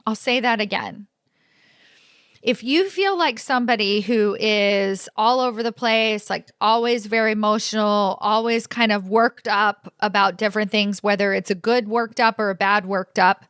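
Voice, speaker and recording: A woman in her forties telling a personal story to her audience, animated and expressive. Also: mid-range voice, normal speed, clear, resonant tone, no echo, clean studio sound. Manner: animated, expressive, laughs often. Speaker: career coach and host.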